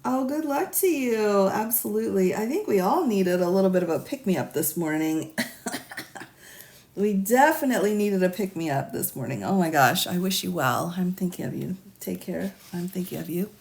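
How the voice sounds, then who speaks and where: A woman's voice: on the low side, animated, normal speed, gravelly. A woman attorney on a live stream who reads questions from a legal form aloud, then muses over them with frequent laughs and asides. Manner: asides, musing and thinking out loud.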